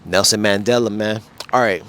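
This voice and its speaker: A man's voice: on the low side, steady tone, normal speed, fairly bright tone, clear, resonant tone. A man talking casually in a rambling, laid-back way with slang, vlogging outdoors. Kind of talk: casual vlog. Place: outdoors beside a wall display.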